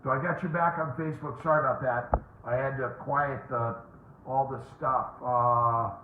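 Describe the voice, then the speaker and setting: A man's voice: medium pitch, fairly even intonation, moderate pace, slight background noise. A man hosting a casual live question-and-answer stream as a fertility doctor, greeting viewers by name and rambling with fillers. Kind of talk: casual livestream chat. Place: home. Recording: tinny phone-like audio, roomy echo.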